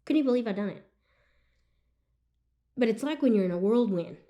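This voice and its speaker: A woman, a podcast guest telling an emotional personal testimony in an earnest, animated way. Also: on the high side, brisk, highs cut off. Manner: earnest and animated, with frequent "you know what I'm saying". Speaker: guest sharing her testimony.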